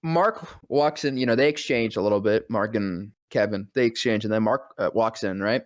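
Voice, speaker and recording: A voice actor telling a breathless, profane, self-mocking story on a podcast. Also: male voice, fairly low pitch, moderate pace, no echo, clean studio sound. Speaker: voice actor and guest. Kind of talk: excited anecdote telling.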